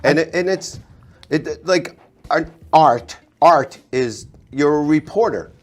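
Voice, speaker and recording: A middle-aged man with a Boston accent, a stand-up comedian in casual chat, telling animated stories and laughing at his own jokes. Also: fairly high pitch, takes it slowly. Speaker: comedian guest.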